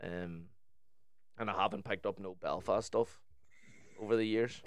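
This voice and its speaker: A man's voice: fairly low pitch, measured pace, clean tone, no echo. A man co-hosting a podcast, chatting in a laid-back, offhand way and swearing casually. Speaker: podcast co-host. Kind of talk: casual chat.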